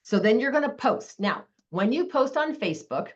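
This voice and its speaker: A woman giving a live online sales training, talking fast with a lot of energy over a video call. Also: a little high, very animated, muffled recording.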